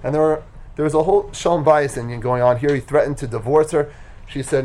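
A man teaching a Torah class, retelling a story with animated, emphatic delivery. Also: fairly high pitch, fast talker, slight background noise.

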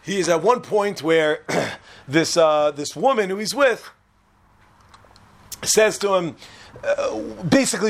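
A man with a high, very lively voice teaching a Torah class. He talks in an animated way, throws questions at his listeners, and laughs along at his own asides. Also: slow, long pauses. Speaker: religious teacher.

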